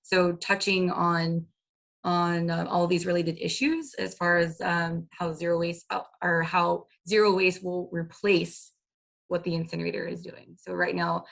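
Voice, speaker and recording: A woman's voice: on the low side, little pitch movement, unhurried, gravelly. A woman, an environmental organizer speaking casually on a panel, with many fillers. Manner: casual, filler-heavy advocacy talk. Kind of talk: online panel talk.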